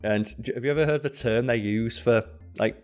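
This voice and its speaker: A British man co-hosting a podcast, telling stories in an animated way and slipping into voices for quotes. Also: medium pitch, a little fast, soft background music. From Britain. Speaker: podcast co-host. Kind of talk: casual chat.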